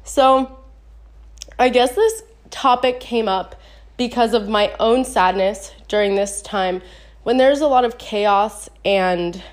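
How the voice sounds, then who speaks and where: A young woman hosting her own podcast in casual, chatty talk, with a stuffy, nasal voice from a cold, laughing often and saying "like" a lot. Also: mid-range voice. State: congested, nasal voice. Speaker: podcast host.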